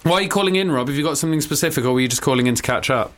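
A man's voice: a little high, background noise. Teasing male radio host. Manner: teasing, quick-witted, laughs often. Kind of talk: comic radio banter.

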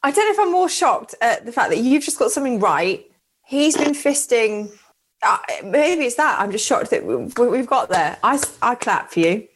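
A woman's voice: fairly high pitch, very animated, moderate pace, slightly rough. A woman co-hosting a radio dating show, teasing bluntly and swearing as she gives advice. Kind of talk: casual chat.

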